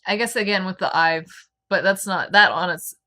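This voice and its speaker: A woman's voice: mid-range voice, steady tone, pushed and bright. An American woman co-hosting a casual book podcast, cracking jokes as she picks apart the writing. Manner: joking, quick with wisecracks. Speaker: podcast co-host. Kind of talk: casual book-club chat.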